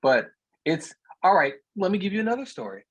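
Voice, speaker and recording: A plainspoken man with a slightly husky voice, telling stories in a casual, conversational way. His sound is dry and close, with little room around it. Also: high-pitched, big pitch swings, brisk, no echo, low-quality recording. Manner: storytelling, plainspoken, repeats words. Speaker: real estate investor speaker. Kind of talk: casual talk on a video meetup.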